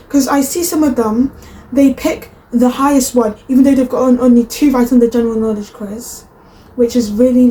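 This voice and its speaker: Chatty young woman, mellow. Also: a little high, a little hiss or hum, low-quality recording. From Britain. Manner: chatty, rambling asides. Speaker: reaction video host. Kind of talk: casual reaction commentary.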